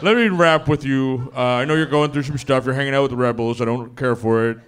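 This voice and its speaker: A man's voice: medium pitch, a little fast, a little hiss or hum, lightly acted. A man putting on a space villain recast as a laid-back dad having a casual talk, with a chummy, easygoing manner.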